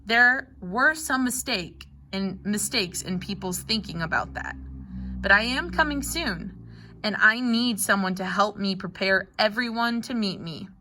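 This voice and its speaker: A woman voicing a loving, patient God who coaxes gently. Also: medium pitch, lively intonation, unhurried, slight background noise. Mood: coaxing. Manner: gentle, coaxing.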